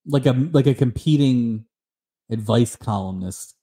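A man co-hosting a podcast in casual chat, playful and quick to giggle. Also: medium pitch, dark tone, husky. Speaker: podcast co-host.

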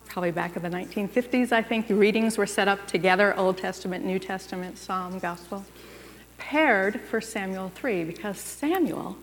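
Woman preaching a conversational sermon. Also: medium pitch. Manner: conversational, asks the listeners questions. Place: church sanctuary. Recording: long reverb of a large room.

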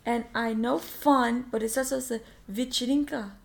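A woman with a fairly high voice learns a language on a casual podcast. She is chatty and playful and teases her tutor. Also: steady tone, normal speed, vocal fry. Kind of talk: casual language-lesson chat.

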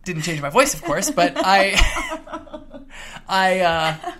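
A man's voice: high-pitched, big pitch swings, slow pace, heavy background noise. A man co-hosting a podcast in casual chat, joking and rambling, often tripping over his words. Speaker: podcast co-host. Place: apartment.

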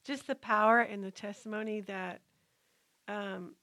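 A woman's voice: mid-range voice, fairly even intonation, a little slow, bright, forceful tone, no echo. A woman co-hosting a faith podcast, reflecting earnestly on scripture and telling a story about a friend. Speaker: podcast co-host.

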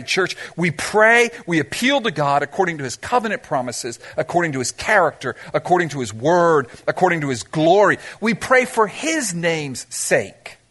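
A male pastor delivers a sermon in a high, bright, forceful voice that swings widely in pitch. He keeps throwing rhetorical questions at the congregation and slips in quick humorous asides. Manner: preaching with rhetorical questions and dramatic pauses.

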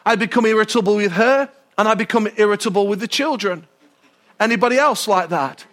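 A male pastor preaching a sermon, animated and often asking the congregation questions. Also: high-pitched, brisk.

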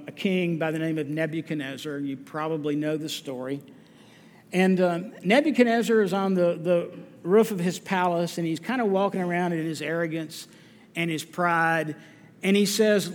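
High-voiced preacher in an echoing hall. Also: male voice. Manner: earnest, deliberate, emphatic repetition. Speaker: pastor. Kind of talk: sermon. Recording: long reverb of a church hall.

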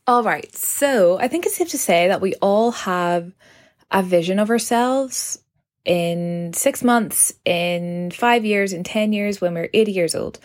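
A woman's voice: medium pitch, a little mellow. A twenty-five-year-old woman hosting her own podcast, talking casually and rambling with lots of "like" and self-corrections, recorded on her phone. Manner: chatty, rambling, heavy use of "like", self-correcting. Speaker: podcast host. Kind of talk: casual solo podcast chat.

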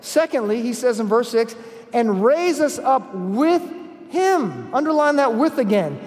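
A man's voice: extremely high pitch, sing-song, a little slow, darkish tone. A man preaching a sermon at a conference, emphatic, repeating key phrases and telling stories. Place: large conference hall. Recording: long hall reverb.

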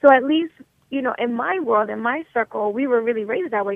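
A woman from New York in her thirties, a motivation coach talking as a radio guest in a blunt, energetic, straight-talking way over the phone. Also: a little high, fairly quick, vocal fry, no room sound. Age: 30s. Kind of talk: radio interview. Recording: tinny phone line, dry.

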